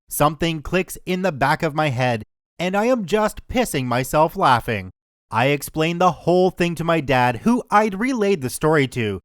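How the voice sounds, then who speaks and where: A man narrating online stories in a scripted, animated, sardonic way. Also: a little high, no echo, studio quality. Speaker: story narrator.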